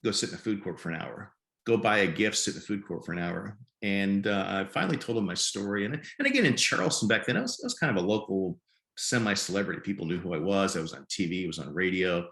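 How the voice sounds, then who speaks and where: A man in his fifties from Nebraska, a podcast guest telling his story in a halting way and often repeating words. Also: low voice, lively intonation, a bit bright. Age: 50s. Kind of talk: conversational storytelling. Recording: roomy echo.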